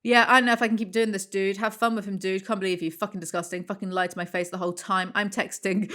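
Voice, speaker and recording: A woman in her thirties reading Reddit posts and text messages aloud, sarcastic, deadpan and swearing freely. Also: medium pitch, quick pace, hardly any pauses. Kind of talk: casual reaction commentary.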